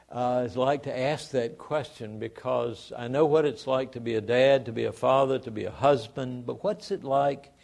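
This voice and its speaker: A male pastor reads scripture and leads prayer in a sermon. His voice is gravelly at a middle pitch. He reads expressively, and his phrase ends sink quietly away.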